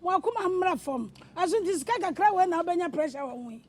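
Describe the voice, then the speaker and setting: A woman with a Ghanaian accent playing a mother who calmly urges patience in a comedy skit. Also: extremely high pitch, fast talker. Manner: soothing, urging patience. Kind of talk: comedy skit dialogue, mostly in Twi.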